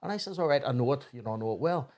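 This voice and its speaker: A man with a Belfast accent, a barber and podcast guest, telling animated anecdotes and swearing freely. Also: mid-range voice, very fast. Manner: animated anecdotes, swears freely, quotes people in raised voices. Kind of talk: casual storytelling chat.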